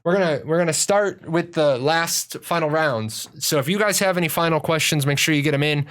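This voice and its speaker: A man's voice: on the high side, a little fast, a bit bright. A man from Ireland hosting a casual live-stream Q&A, answering viewer questions in a profane, rambling way with many restarts.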